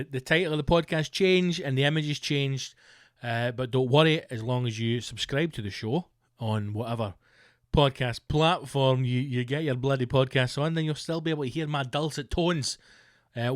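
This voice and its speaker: A man's voice: medium pitch, no echo, studio quality. A Scottish man hosting his podcast, a comedian rambling through a jokey, self-mocking monologue. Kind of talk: casual comic monologue.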